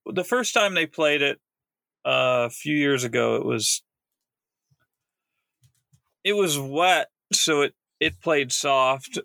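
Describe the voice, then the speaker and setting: Gravelly, bright-toned man co-hosting a podcast. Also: fairly high pitch, lively intonation, no room sound, studio quality. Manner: matter-of-fact, corrects his partner, halting with fillers. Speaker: podcast co-host. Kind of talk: casual sports betting chat.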